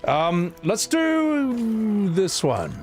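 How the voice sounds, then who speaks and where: A man chatting casually on a live stream, excitable and swearing, laughing often and reading viewers' messages aloud. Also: high voice, extremely slow, faint music behind.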